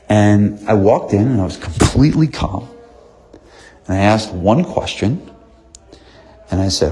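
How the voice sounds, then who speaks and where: Man, 30s, gym owner; husky, lowish voice; earnest motivational talk with repeated points. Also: brisk, darkish tone. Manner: earnest, repeats himself for emphasis. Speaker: gym owner and business coach.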